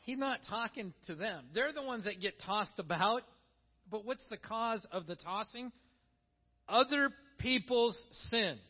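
A middle-aged male pastor preaching a sermon, telling stories with animated energy and acting out the voices of the people he quotes. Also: high voice, a little slow. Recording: long hall reverb, dull lo-fi sound.

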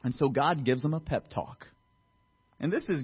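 A man preaching a casual, chatty sermon, his voice sitting a little high for a man. He acts out quoted voices with sudden jumps in pitch and loudness. The recording sounds muffled and lo-fi. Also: normal speed, long pauses, slightly rough. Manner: conversational, lots of fillers and asides. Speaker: pastor.

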